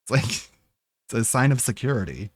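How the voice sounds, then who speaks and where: A man's voice: mid-range voice, very animated, normal speed, slightly rough, no room sound. Mocking, incredulous man, dry sound. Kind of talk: argumentative commentary.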